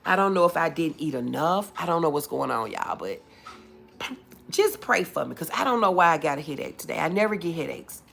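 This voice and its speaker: A woman's voice: low voice, animated, brisk, gravelly, a bit bright. A woman hosting a casual livestream, chatting with viewers in the comments and calling them boo and baby. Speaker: livestream host. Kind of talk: casual live chat reading comments.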